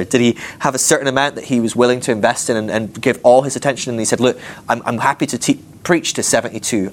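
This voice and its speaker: A man preaching a casual, chatty sermon and acting out the disciples in quick asides. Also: mid-range voice.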